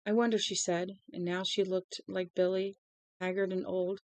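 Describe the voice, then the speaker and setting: A woman reading a novel aloud in a plain, unhurried way, with small slips, into a close mic at home. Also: lowish voice, completely flat delivery, dry recording. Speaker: audiobook reader.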